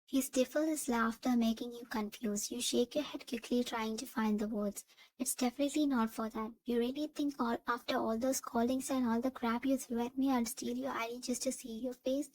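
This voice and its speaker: A woman reading second-person fan fiction narration in an even, steady way. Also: fairly high pitch, normal speed, a little hiss or hum, rough recording.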